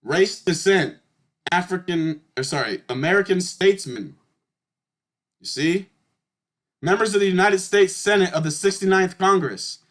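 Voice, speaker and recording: This is a man with a notably high voice, giving casual commentary as he reads through documents. He talks bluntly and with emphasis, swears freely, and keeps turning to his viewers to address them. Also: unhurried, pauses often, fairly bright tone. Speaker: channel host. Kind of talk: casual commentary reading through historical charts.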